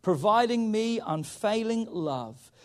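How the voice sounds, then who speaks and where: Emphatic high-voiced male preacher. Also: animated, slow pace. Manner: emphatic, repeats "come on", rises and drops in volume. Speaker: pastor. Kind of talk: sermon.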